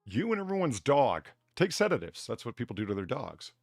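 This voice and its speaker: A man hosting a casual podcast chat, profane and excitable, who laughs a lot. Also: medium pitch, a little fast, creaky, dry recording, clean studio sound, soft background music. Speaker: podcast host.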